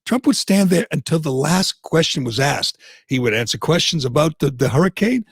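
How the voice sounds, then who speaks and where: A man's voice: a little high, gravelly, husky, no room sound, clean studio sound. A man hosting a talk radio show, delivering a heated, sarcastic rant and mocking others in put-on voices.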